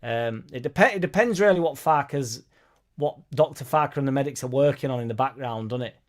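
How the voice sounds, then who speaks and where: A man's voice: medium pitch, a little fast. A man hosting a casual football fan live stream, reading viewer comments aloud and answering them in a chatty way. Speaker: fan channel host reading live chat.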